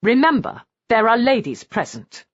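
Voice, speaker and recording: A woman's voice: on the high side, very animated, unhurried, no room sound, dull audio, voice pushed up. A woman narrator voicing a pugnacious eldest brother who speaks in a threatening, commanding way.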